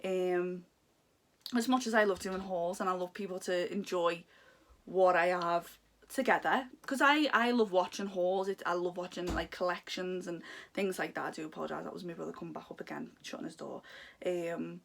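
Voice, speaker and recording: Here the same kind of candid home vlog comes through a fairly low voice with vocal fry, fairly even intonation and a moderate pace. The young woman confides about her life, heartfelt and rambling on at length.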